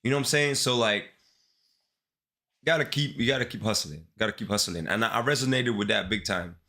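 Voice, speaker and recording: A man's voice: on the low side, a little fast, bright, forceful tone. A man with a congested, sick-sounding voice chatting casually to his livestream viewers in laid-back slang. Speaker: live-streaming developer.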